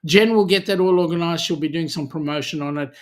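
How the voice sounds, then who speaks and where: A man's voice: fairly high pitch, fast talker. An Australian man hosting a charity channel livestream in a casual, chatty way, reading viewer comments aloud and answering them.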